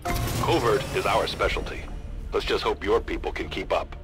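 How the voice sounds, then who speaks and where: A man's voice: fairly low pitch, normal speed, over music, lightly acted. An actor voicing a confident male covert resistance leader in a video game, cool and self-assured.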